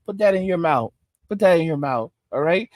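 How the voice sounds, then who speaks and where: Man putting on a smooth street pimp, low and coaxing, in a dry, close recording. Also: expressive, brisk, a little mellow, dry recording, lightly acted. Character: smooth-talking male pimp, the streets personified.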